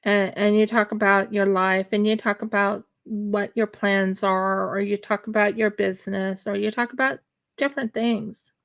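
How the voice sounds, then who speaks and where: A woman's voice: medium pitch, little pitch movement, normal speed, gravelly, fairly bright tone. A woman hosting her craft livestream, chatting casually and rambling with many fillers and restarts. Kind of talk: casual chat while crocheting on a livestream. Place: home in winter.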